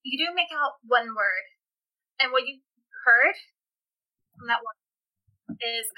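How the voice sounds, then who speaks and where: A woman's voice: fairly high pitch, animated, slow pace, pauses often, bright, forceful tone, low-quality recording. A woman narrating a tabletop role-playing game as game master, describing scenes in a descriptive way and often laughing.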